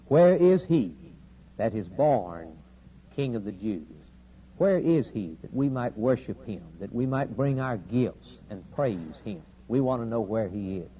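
A man preaching a sermon, with a steady preaching cadence that builds to loud, emphatic climaxes with dramatic pauses. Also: medium pitch. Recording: dull lo-fi sermon recording with faint hiss.

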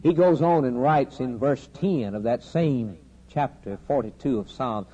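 A man preaching a sermon, with a steady preaching cadence that builds to loud, emphatic climaxes with dramatic pauses. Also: mid-range voice, breathy edge. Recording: dull lo-fi sermon recording with faint hiss.

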